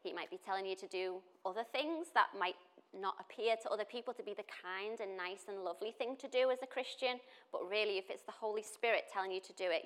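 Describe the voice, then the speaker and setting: Female church speaker, mid-pitched, casual sermon with chatty asides. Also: a bit bright. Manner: conversational, with chatty asides and restarts.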